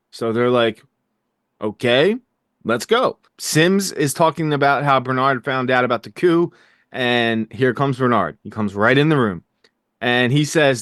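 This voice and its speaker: A man's voice: a little high, no room sound, clean studio sound. Upbeat man hosting a TV recap. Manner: energetic, jokey, fast asides. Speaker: podcast host. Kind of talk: casual TV recap chat.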